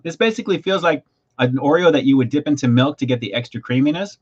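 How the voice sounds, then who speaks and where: Excitable man gushing over snacks. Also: medium pitch, fast, husky, lo-fi sound. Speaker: food reviewer host. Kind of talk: livestream snack review.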